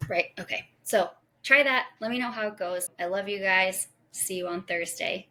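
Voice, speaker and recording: A woman in her thirties hosting a podcast, talking through parenting advice in an earnest, gentle, casual way. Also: medium pitch, moderate pace, few pauses, a little hiss or hum. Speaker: podcast host.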